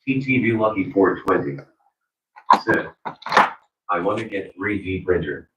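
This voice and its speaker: Synthetic male chat reader, very low, mechanical, distant and roomy. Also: unhurried, muffled recording. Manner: flat, mechanical reading of usernames and chat messages. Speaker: text-to-speech chat reader. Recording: distant, echoey, slightly noisy.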